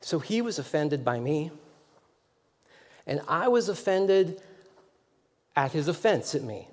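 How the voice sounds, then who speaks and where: A man's voice: on the high side, sing-song, slow pace. A man preaching a sermon as a pastor, telling a story in a rambling, self-deprecating way with many restarts. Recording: long echoing hall reverb.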